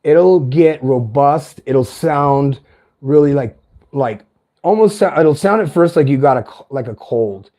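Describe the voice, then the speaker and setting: A man in his fifties with a light tenor voice pitched a little high for a man, yet mellow and warm in tone. He rambles through a casual vlog monologue, swearing freely and correcting himself mid-sentence. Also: lively intonation, unhurried. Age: 50s. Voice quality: light tenor voice, not deep. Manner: meandering, profane, chatty with self-corrections. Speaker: vlogger.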